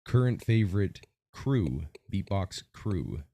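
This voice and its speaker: A man hosting a podcast interview over a video call, with an energetic, announcer-like delivery. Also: low voice, takes it slowly. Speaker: podcast host. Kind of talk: hype-style interview hosting.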